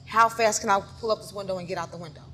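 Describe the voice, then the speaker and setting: A woman telling an emotional personal story, acting out each scene and swinging from hushed to loud. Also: medium pitch, racing, slight background noise. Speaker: photographer telling her story.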